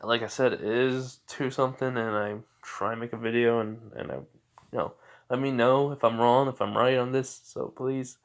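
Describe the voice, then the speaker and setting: A man's voice: medium pitch, fairly even intonation, moderate pace. A tired man improvising a fan fiction story aloud, rambling with lots of fillers and occasional stutters.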